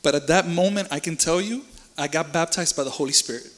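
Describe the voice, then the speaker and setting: Guy sharing his faith testimony, bright voice, slangy and emotional, lots of echo. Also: on the high side, quick pace, a little hiss or hum. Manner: earnest and emotional, casual slang, repeats words. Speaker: church member giving a testimony. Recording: reverberant hall.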